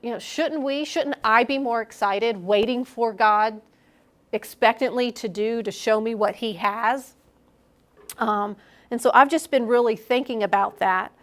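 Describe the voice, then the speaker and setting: A middle-aged woman with a slightly high, unhurried voice preaches to young adults, keeping the sermon candid and conversational. She drops into small acted-out bits voicing her own inner thoughts.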